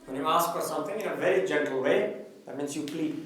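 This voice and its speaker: A man, teaching an English class, explaining a story slowly and asking his students questions. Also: a little high, a bit bright. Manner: mixes in Nepali now and then. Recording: very echoey classroom, distant mic.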